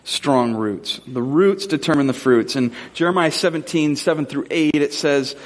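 A pastor from Southern California whose voice sits on the high side preaches a sermon. He shares stories in a relaxed way, filled with "like" and "um," before slowing into earnest questions.

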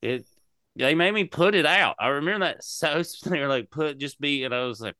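A man's voice: fairly high pitch, moderate pace, clear, resonant tone, no echo, clean studio sound. A man co-hosting a casual podcast, telling stories animatedly and riffing with jokes. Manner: animated storyteller, jokey riffs. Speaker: podcast co-host.

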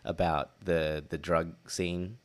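Deep-voiced guy co-hosting a chill podcast, rambles and restarts a lot, joking around. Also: little pitch movement, slow. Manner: rambling, playful, restarts words. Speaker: podcast co-host. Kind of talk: casual chat.

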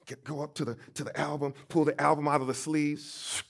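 Emphatic middle-aged pastor telling stories. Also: male voice, fairly high pitch, flat delivery, brisk, gravelly. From St. Louis, USA. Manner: emphatic, swings between soft and loud. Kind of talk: storytelling sermon.

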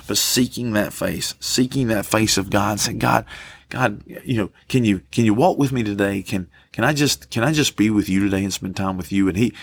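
A man preaching a passionate sermon as pastor, dragging out key words slowly for emphasis. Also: on the low side, gravelly, breathy edge, no echo.

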